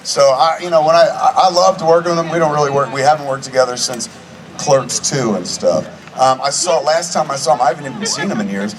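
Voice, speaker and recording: A man's voice: fairly high pitch, brisk, a crowd in the background. A man in his forties telling a profane, chatty anecdote to a live audience at a film screening. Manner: profane, chatty, acts out both sides of conversations. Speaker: guest speaker at a film screening. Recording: distant mic in a noisy venue.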